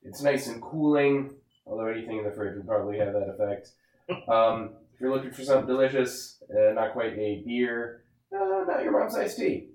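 A man's voice: on the low side, brisk, a little mellow. Man chatting from a roomy distant mic. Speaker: podcast co-host. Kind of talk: casual chat.

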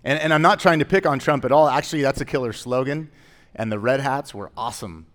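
A man's voice: medium pitch, quick pace, a bit bright. A man pastor preaching a sermon in a conversational way, with joking asides that rise into emphatic declarations.

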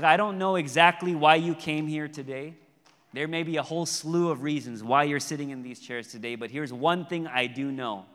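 A man preaching a sermon as pastor, earnest, moving between raised emphasis and hushed, intimate appeals. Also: medium pitch. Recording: long hall reverb.

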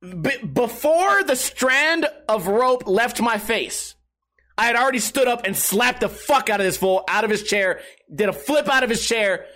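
A man in his thirties casually telling a profane, animated story as a streamer. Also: extremely high pitch, measured pace. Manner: animated, profane, laughing through stories.

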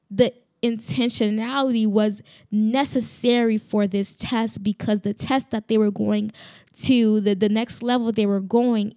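A woman's voice: fairly high pitch, a little mellow, no echo, studio quality. A woman hosting a faith podcast, giving a fervent, emphatic devotional talk with frequent restarts.

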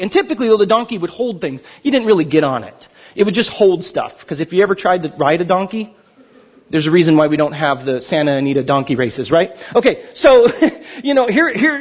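A man preaching a sermon as pastor, animated and chatty, often repeating words as he thinks. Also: high-pitched, husky, lo-fi sound.

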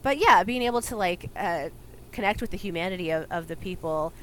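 A woman's voice: lowish voice, fairly quick, fairly bright tone, rough recording. A woman co-hosting a podcast, chatting casually and rambling with lots of fillers. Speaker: podcast co-host. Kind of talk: casual chat.

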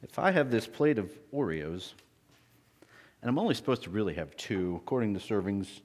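A man's voice: fairly low pitch, expressive, normal speed, a little mellow, long reverb tail, a little hiss or hum. A man giving a children's object lesson, quizzing the kids in a friendly, teacherly way.

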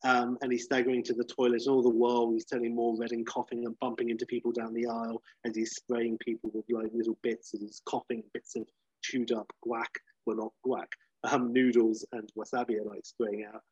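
A man on a podcast pitching a film idea in casual comedic chat. He tells the story animatedly, with lots of fillers, and acts out the scenes as he goes. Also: flat delivery, fairly quick, darkish tone, slightly rough, no room sound. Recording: dry, slightly dull lo-fi sound.

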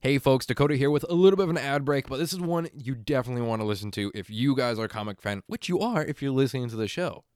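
A man hosting a podcast, chatting casually and reading an ad with quick enthusiasm and the odd swear. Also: mid-range voice, expressive, darkish tone, clean tone, dry recording. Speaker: podcast host. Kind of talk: casual podcast chat and read ad.

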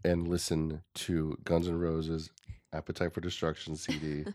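A man's voice: very deep voice, completely flat delivery, measured pace, darkish tone. A man in his forties hosting a podcast, telling playful, nostalgic childhood stories in casual chat. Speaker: podcast host.

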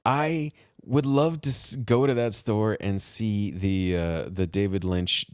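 A man talking as a podcast guest in casual chat, quick to laugh and enthusiastic. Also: fairly low pitch, a little mellow, clear, resonant tone, dry recording, studio quality.

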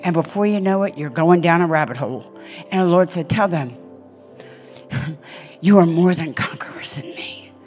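An older woman preaching a sermon on a church stage, telling stories emphatically with sudden loud peaks. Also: lowish voice, expressive, normal speed, pauses often, soft background music.

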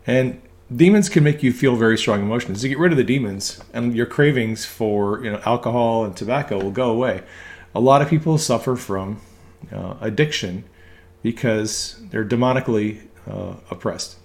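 A man's voice: mid-range voice, moderate pace, darkish tone. A man, an ambulance medic, giving a casual religious teaching talk, hesitating with frequent ums and restarts. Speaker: ambulance medic speaking on faith.

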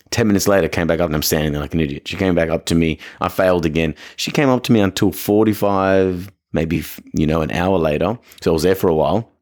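A man's voice: extremely low pitch, a little mellow. An Australian man hosting a podcast, telling a story in a chatty, rambling, self-deprecating way. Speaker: podcast host. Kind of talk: casual storytelling monologue.

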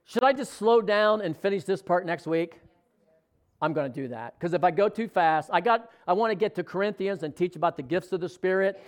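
Preacher, male, high-pitched, animated storyteller voicing quoted lines, casual sermon delivery. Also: fairly quick. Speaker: pastor.

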